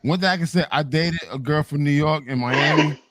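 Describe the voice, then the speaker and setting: A man hosting a casual group chat, loud and profane, laughing often. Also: fairly high pitch, brisk. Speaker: podcast host.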